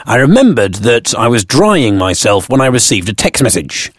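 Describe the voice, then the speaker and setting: A man's voice: medium pitch, big pitch swings, normal speed, husky, no echo, clean studio sound. A British man telling a comic first-person story from his blog, full of wry, self-mocking asides. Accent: British English. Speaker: blogger narrating his own story.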